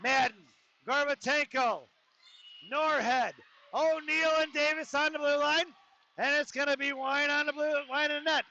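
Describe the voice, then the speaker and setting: A play-by-play announcer calls a live hockey game in an ice arena, his male voice high and bright with fairly even intonation. He fires off rapid play calls sprinkled with joking asides. The arena stream sounds dull and lo-fi, with faint noise.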